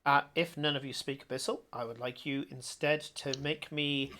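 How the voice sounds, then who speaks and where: A man narrating as game master, bursting into loud character voices. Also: mid-range voice, moderate pace, a little hiss or hum. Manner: animated, shouting out character lines.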